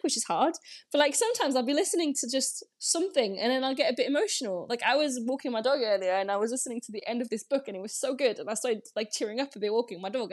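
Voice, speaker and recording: A young woman, a podcast guest talking in a chatty, reflective way with lots of "like"s. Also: fairly high pitch. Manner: chatty and reflective, many fillers like "like". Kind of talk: casual conversational interview.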